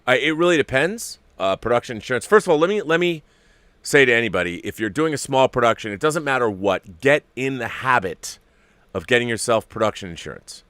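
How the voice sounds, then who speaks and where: A man hosting a casual live-stream show and answering viewer messages. He is excitable and swears often, dropping to near-whispers and then bursting out loud. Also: medium pitch, a little fast, no echo.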